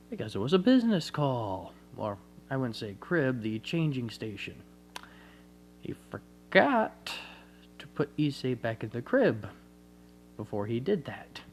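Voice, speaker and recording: A man narrates an improvised fan story at a slow, easy pace. His delivery rambles and keeps correcting itself. A faint hum runs under the recording. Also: medium pitch, darkish tone. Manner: rambling, self-correcting, conversational.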